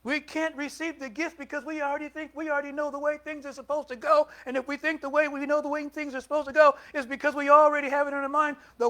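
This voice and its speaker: An older minister's voice is extremely high as he preaches to his congregation in a conversational manner. He asks them questions and alternates between loud and soft passages.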